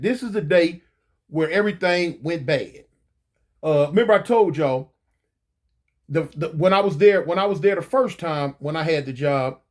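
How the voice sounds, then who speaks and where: A man telling a personal story in a loose, slangy way, often repeating himself and circling back. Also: fairly high pitch. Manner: slangy, rambling, repeats phrases.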